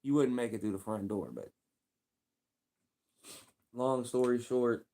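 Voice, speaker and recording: A man's voice: medium pitch, measured pace, warm tone. Rambling streetwise Kentucky man livestreaming. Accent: Louisville, Kentucky. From Louisville, Kentucky. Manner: rambling, repetitive, streetwise slang. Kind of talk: casual livestream chat.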